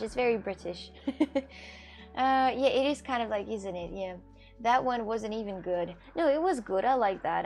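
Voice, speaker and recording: A woman streaming, chatting casually and reading chat aloud, halting often with fillers and restarts. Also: medium pitch, creaky, darkish tone.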